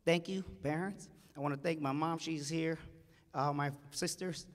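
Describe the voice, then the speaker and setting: Moderately paced and steady in tone, a slightly high-voiced man speaks from a conference hall stage, recounting a family story with feeling and voicing its characters. The recording carries large-hall reverb.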